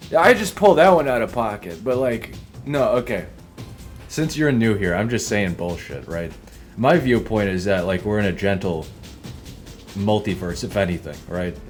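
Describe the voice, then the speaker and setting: A young man giving casual gameplay commentary as a streamer, rambling and swearing, and laughing often at his own tangents. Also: fairly low pitch. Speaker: gaming streamer.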